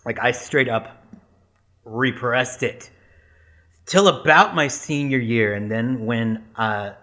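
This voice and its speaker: A man's voice: medium pitch, takes it slowly, bright, forceful tone. A man co-hosting a podcast, chatting loosely with lots of fillers and restarts. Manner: rambling, filler-heavy, laughing. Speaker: podcast co-host. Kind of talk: casual chat.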